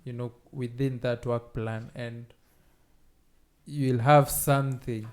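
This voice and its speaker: A man in a relaxed podcast chat, his voice at an ordinary middle pitch. He walks through a list of events at an easy pace and fills the pauses with "uh". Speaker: podcast co-host. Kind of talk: casual chat.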